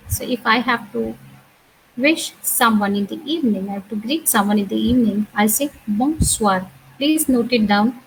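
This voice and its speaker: A woman's voice: a little high, a little hiss or hum, poor audio. A woman teaching an introductory French lecture, explaining patiently and repeating each sound and word, with frequent "uh" and "okay". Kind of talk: recorded university lecture.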